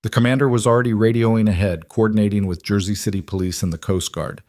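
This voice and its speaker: A man narrating a scripted thriller story in an even, dramatic way. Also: lowish voice, fast, no echo, clean studio sound.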